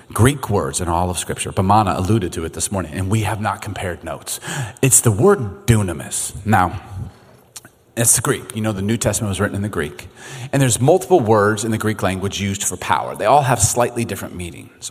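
A middle-aged man preaching a sermon as pastor, in a conversational, animated way, often slipping into little acted-out voices. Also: fairly low pitch, breathy edge. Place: church sanctuary. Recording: reverberant hall.

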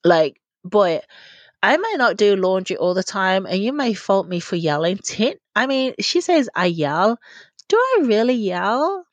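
A woman in her thirties hosts a reflective solo parenting podcast, candid and confiding, laughing often and poking fun at herself. Her mid-range voice swings widely in pitch at a measured pace, with no room sound.

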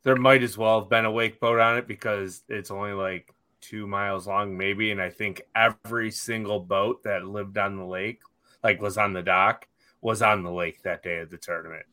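A man in casual chat, relaxed and laughing easily as he tells a story. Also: lowish voice, moderate pace.

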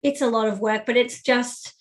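A middle-aged woman, an interview guest, telling a lively personal story with fillers. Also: on the high side, normal speed. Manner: animated anecdotal storytelling with fillers. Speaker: guest, business strategist.

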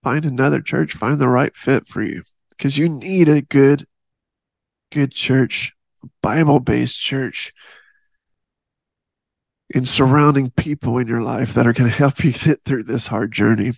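A man's voice: mid-range voice, fairly even intonation, a little slow, gravelly, long pauses, no room sound. A man hosting a faith podcast, talking earnestly in a rambling, casual way with many restarts. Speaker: podcast host.

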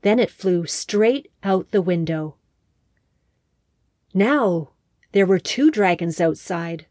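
A woman host narrating a scripted story in a calm, expressive way on a close mic. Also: mid-range voice, dry recording.

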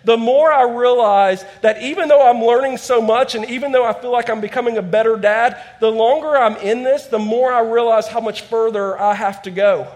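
A man's voice: extremely high pitch, normal speed, hardly any pauses, a little mellow. A man in his thirties preaching a conversational sermon in a church, acting out quotes as he tells stories. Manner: storytelling with acted-out quotes, conversational. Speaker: pastor.

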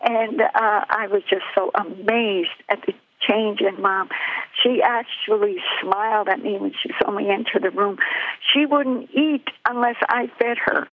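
An older woman tells her personal testimony in an earnest, plain way. Her voice sits in a middle pitch, and it comes through a thin, phone-like line. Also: unhurried. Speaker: guest giving a testimony.

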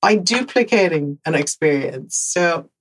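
A woman from the Netherlands with a Dutch accent, hosting a podcast and telling a personal story in an animated way, repeating words for emphasis and laughing often. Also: lowish voice, measured pace, poor audio. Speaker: podcast host.

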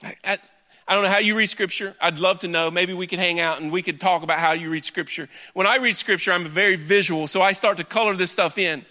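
Male pastor, high bright voice, chatty sermon delivery, long church reverb. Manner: conversational preaching with quick asides and drawn-out emphasis. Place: church hall. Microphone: handheld or headset microphone.

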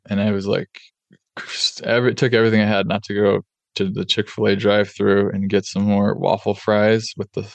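Man, podcast host, gravelly, flat delivery, dry sound. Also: lowish voice, no room sound. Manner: candid, conversational, many fillers. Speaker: podcast host and oral surgeon. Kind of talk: casual podcast storytelling.

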